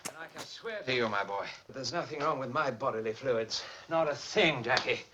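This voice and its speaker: An actor playing a polite, clipped RAF officer in old film audio. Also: male voice, medium pitch, animated, fairly quick, bright, forceful tone. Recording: dull film soundtrack audio.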